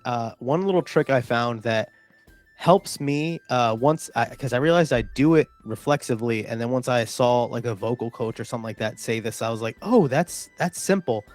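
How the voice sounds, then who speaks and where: A man's voice: medium pitch, normal speed, soft background music. Man explaining, lots of uhs. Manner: explanatory, many filler sounds. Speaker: podcast co-host. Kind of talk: casual chat about tabletop gaming.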